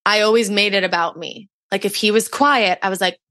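A woman's voice: medium pitch, brisk, pushed and bright, no echo, studio quality. A young adult woman, a podcast guest, telling a personal story in casual chat and saying "like" often. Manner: chatty storytelling, heavy use of "like".

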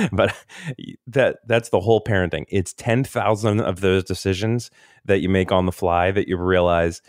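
A man in casual podcast chat, rambling and interrupting himself with quick laughs. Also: deep voice, steady tone, dry recording, studio quality. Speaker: podcast co-host.

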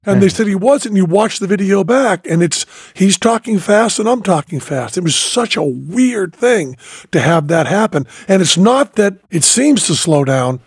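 A man with a slightly husky, fairly high voice, hosting a casual podcast conversation. He tells reflective stories full of fillers and restarts. The sound is dry and close. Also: expressive, normal speed, no echo. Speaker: podcast host.

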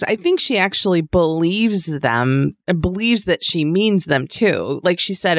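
A woman's voice: mid-range voice, expressive, unhurried, hardly any pauses, no room sound, clean studio sound. A woman co-hosting a podcast, chatty and loose, with casual swearing. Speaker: podcast co-host. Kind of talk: casual chat recapping a reality show.

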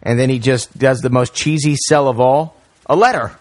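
Male podcast host, casual film chat, animated retelling, mid pitch, dry sound. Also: moderate pace, no echo. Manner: animated retelling, many fillers.

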